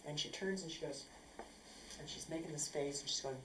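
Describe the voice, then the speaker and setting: A woman telling a personal story casually, acting out what people said in an animated way. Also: sits low, fairly quick. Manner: animated, acts out quotes. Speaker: speaker sharing a personal story. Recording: echoey room with faint noise.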